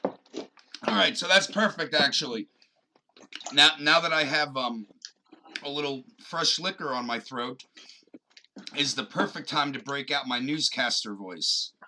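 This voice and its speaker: A man co-hosting a casual podcast with a very bright, forceful voice. He talks in an animated way, swears freely and drops jokey asides into everything, even when reading the news aloud. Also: mid-range voice, measured pace, long pauses, slight background noise, low-quality recording. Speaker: podcast co-host.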